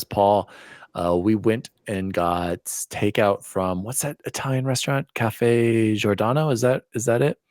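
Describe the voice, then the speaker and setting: A man's voice: on the low side, a little mellow, no room sound, clean studio sound. A man hosting a casual gaming podcast, jokey and playful in banter. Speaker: podcast host.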